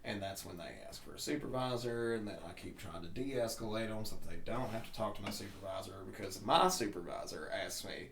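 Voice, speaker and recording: Low-pitched male co-host, casual profane storyteller, echoey room, faint background noise. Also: brisk, creaky, hardly any pauses, a bit bright. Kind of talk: casual chat. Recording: roomy echo, faint noise.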